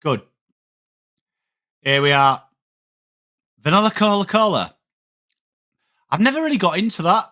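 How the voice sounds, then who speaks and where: A man's voice: high-pitched, a little slow, long pauses. Chatty man streaming footy commentary. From England. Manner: chatty, reads out viewer comments, rises excitedly on plays. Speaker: watchalong streamer. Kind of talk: live game commentary mixed with chat.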